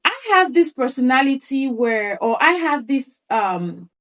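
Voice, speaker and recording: Woman coach w a high voice, talks straight to viewers, says things twice to drive them home. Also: big pitch swings, a little slow, fairly bright tone. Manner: emphatic, repeats points for stress; acts out others' words in quoted asides. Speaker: lifestyle coach. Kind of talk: motivational talk to viewers.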